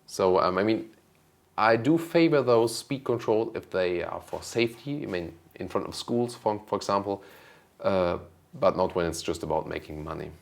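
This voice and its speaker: Guy answering car questions, low gravelly voice, lots of ums and pauses. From Germany. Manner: relaxed, thinking aloud with many ums. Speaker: car review host. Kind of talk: casual Q&A answering viewer questions.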